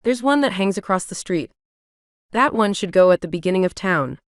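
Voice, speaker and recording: A woman's voice: medium pitch, expressive, brisk, smooth, dry recording, clean studio sound, close to an everyday voice. A woman voicing a friendly, cheerful young college man, playful and easygoing.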